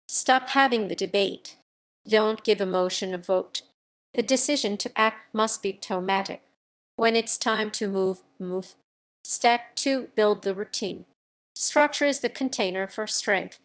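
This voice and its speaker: A woman reading a motivational self-help audiobook in a firm, emphatic way, with short punchy sentences. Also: on the high side. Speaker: audiobook narrator. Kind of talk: scripted motivational narration.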